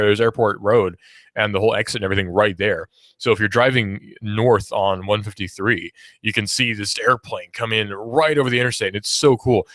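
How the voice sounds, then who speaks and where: A man's voice: lowish voice, fairly bright tone, no echo, clean studio sound. A young man from Georgia hosting a radio talk show, chatting casually about the station lineup and reading news with self-deprecating asides. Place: radio studio. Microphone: studio microphone.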